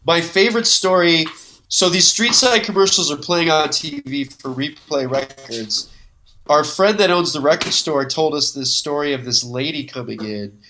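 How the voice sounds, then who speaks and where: A man from Modesto, California, telling animated, profane comedy stories as a podcast guest. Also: on the high side, moderate pace, a little hiss or hum. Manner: animated, swears freely, acts out quotes. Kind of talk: casual storytelling chat.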